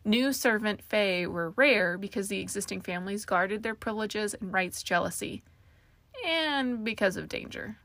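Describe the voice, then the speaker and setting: A woman reads a fantasy audiobook in a steady, even storytelling manner. Her voice sits mid-range with a pronounced gravelly fry, and the sound is close and dry with no room around it. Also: medium pitch, normal speed, no room sound. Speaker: narrator. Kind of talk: audiobook narration.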